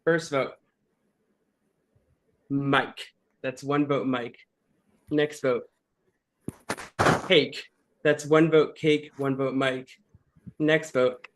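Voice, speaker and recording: A man hosting an online game finale, reading out votes in a steady, measured way with casual fillers. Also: mid-range voice.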